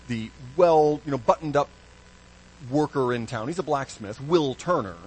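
A man preaching a sermon as pastor, animated, with hushed low stresses and sudden bright emphasis. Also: slight background noise, low-quality recording.

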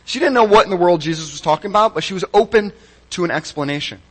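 A man preaching a sermon, telling a personal story in an animated, wry and self-mocking way. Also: sits high, quick pace, low-quality recording. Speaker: pastor.

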